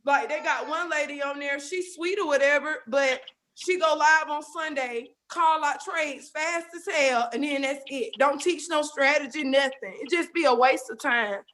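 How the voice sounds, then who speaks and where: A woman's voice: sits high, moderate pace, a bit bright. A woman caller on a group call, tearful and emotional, thanking the hosts in a rambling way. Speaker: caller who won a raffle.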